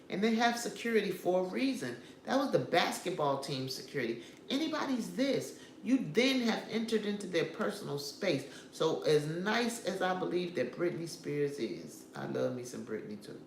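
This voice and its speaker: A woman's voice: low-pitched, slight background noise. A woman vlogger giving casual, opinionated commentary on celebrity news, talking straight to her viewers. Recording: roomy echo with faint ambience.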